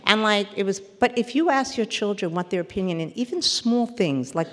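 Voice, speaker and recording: A woman's voice: medium pitch, animated, normal speed. Emphatic woman lecturing in a reverberant hall. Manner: earnest, emphatic, breaks off and restarts mid-word. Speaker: therapist and parenting lecturer. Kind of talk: workshop lecture.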